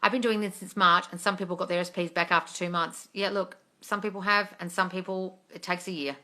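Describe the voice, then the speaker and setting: A woman's voice: on the low side, steady tone, brisk, bright, forceful tone. A woman, hosting a casual live Q&A on manifesting, blunt and swearing freely, calling viewers darling. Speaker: manifestation coach answering live chat questions. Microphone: phone or webcam, live stream.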